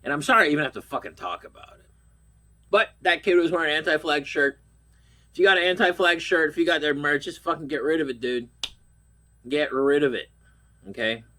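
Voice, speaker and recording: A man's voice: a little high, fairly quick, long pauses, pushed and bright. Brief: middle-aged man from Pittsburgh, stuffy-nosed, with a blunt, profane ranting delivery. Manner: angry, blunt, swears constantly. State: stuffy nose. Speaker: vlogger. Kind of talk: profane rant.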